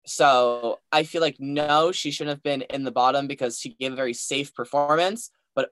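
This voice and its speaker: A man's voice: medium pitch, moderate pace, a bit bright, clean tone, no echo, clean studio sound. A man co-hosting a podcast in casual chat, hesitant and rambling, full of hedges. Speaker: podcast co-host.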